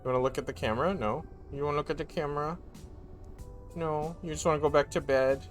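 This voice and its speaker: A man's voice: a little high, steady tone, fast, faint music behind. A young man streamer chatting casually on a live stream, rambling and joking, now and then baby-talking to his cat. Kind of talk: casual chat.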